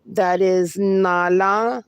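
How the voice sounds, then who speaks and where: Gravelly forties woman on a livestream, reads the chat out and answers everyone sweetly, dry close-up sound. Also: mid-range voice, steady tone, very slow, no echo, highs cut off. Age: 40s. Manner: reads viewer comments aloud and answers them fondly; calls viewers "my darling" and "my friend". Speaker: livestream host.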